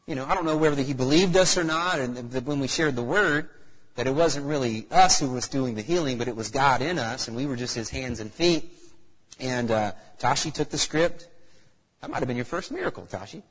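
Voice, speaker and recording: A man's voice: medium pitch, a little fast, fairly bright tone, slightly rough. A man preaching a sermon in a church hall, asking the congregation rhetorical questions. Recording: echoey hall reverb.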